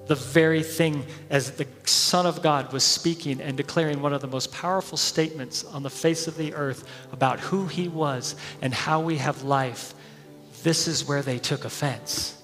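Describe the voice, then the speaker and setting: A man's voice: on the high side, fairly even intonation, moderate pace, fairly bright tone, in a large hall, soft background music. A man preaching a sermon as head pastor, telling the story with energy, acting out the crowd's voices and often chuckling.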